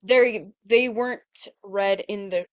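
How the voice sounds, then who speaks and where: A woman's voice: medium pitch, slow pace, no echo. A woman co-hosting a podcast, chiming in with side comments and corrections during a casual movie discussion. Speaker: podcast co-host. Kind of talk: casual movie review chat.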